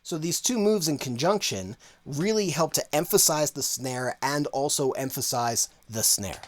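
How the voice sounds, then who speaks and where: A man teaching audio mixing in a relaxed, conversational way, full of casual fillers. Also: a little high, measured pace, noisy background. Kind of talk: casual tutorial walkthrough.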